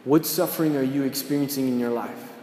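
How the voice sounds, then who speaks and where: A man's voice: medium pitch, steady tone, brisk, dark tone, slight background noise. A man preaching a sermon as a priest in a church, earnest and conversational, often asking his listeners questions. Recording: echoey church with long reverb.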